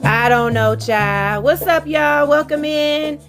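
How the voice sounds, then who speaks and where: Chatty high-voiced woman hosting a live stream. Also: takes it slowly, over music. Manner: chatty, frank, laughs easily, exasperated asides. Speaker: relationship intimacy coach. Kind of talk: casual live-stream talk.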